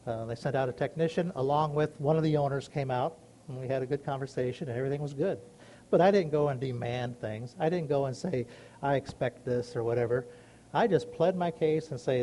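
A man's voice: medium pitch, fairly quick, mellow, slight background noise. A man giving a casual, rambling devotional talk, telling everyday stories in an earnest, folksy way. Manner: earnest, rambling, folksy storytelling with many asides. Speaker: Christian speaker sharing a personal story.

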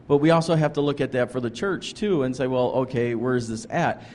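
A man's voice: medium pitch, fairly quick, a little mellow, slight background noise. A man who is a pastor, telling his ministry story in an earnest, rambling way, with lots of restarts and "like" fillers. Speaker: pastor and ministry leader, guest. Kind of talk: casual conversational storytelling.

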